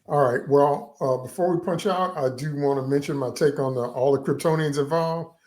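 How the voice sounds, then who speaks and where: Host: man, slightly high voice, incredulous, laughs between points. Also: moderate pace, darkish tone. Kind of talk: casual film review chat.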